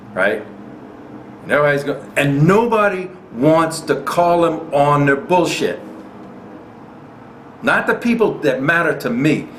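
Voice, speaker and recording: A man's voice: a little high, a bit bright. A man hosting a gun rights channel, giving indignant commentary and repeating lines for emphasis. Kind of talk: impassioned commentary. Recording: echoey room with faint noise.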